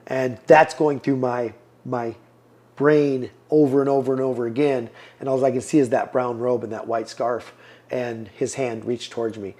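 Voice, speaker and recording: A man's voice: medium pitch, little pitch movement, normal speed, a little mellow. A man in his fifties, a podcast guest, giving an earnest personal testimony and acting out the lines people said to him. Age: 50s. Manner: earnest storyteller, acts out quoted lines.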